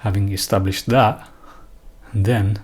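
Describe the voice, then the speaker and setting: Earnest lower-voiced man. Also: fairly even intonation, takes it slowly, a little mellow, slightly rough. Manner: earnest, emphatic, often repeats and restarts phrases. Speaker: religious commentator. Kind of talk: unscripted religious talk.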